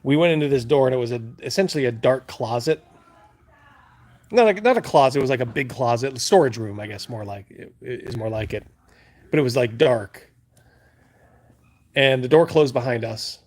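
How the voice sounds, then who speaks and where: A man's voice: mid-range voice, animated, normal speed, long pauses. A man hosting a live stream, casually telling stories to chat, rambling and laughing as he goes. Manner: rambling, laughing, acts out his own panic loudly. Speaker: livestream host.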